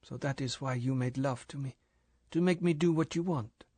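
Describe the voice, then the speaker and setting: A male narrator voicing a proud, wounded young woman who speaks in a low, tense voice. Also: normal speed, mellow, no room sound, lightly acted. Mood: bitter. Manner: tense, low voice with foreign phrasing.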